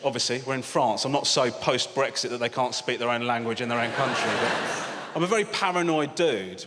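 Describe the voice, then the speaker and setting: A man, doing a deadpan, mock-grumpy stand-up routine on a theatre stage, acting out other voices. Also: mid-range voice. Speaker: stand-up comedian. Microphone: handheld stage mic. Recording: live theatre with long reverb, loud audience noise.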